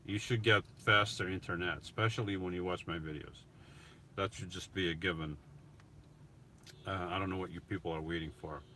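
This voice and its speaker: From inside his van, a middle-aged vlogger runs a phone livestream, casually responding to viewer comments he reads out. His low voice is pushed and bright, fairly even in intonation, at a moderate pace, with a little hiss or hum.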